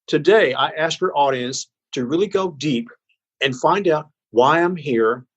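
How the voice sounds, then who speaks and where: Male podcast guest, husky and earnest, emphatic spiritual delivery, dull lo-fi call audio. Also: on the high side. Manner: earnest, slow and emphatic, preaching tone. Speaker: interview guest. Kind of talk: heartfelt spiritual message.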